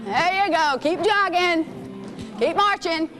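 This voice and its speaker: Upbeat high-voiced woman coaching kids. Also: slow pace, fairly bright tone, soft background music. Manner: encouraging, calls out names and commands. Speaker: physical education teacher. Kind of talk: coaching a children's fitness class.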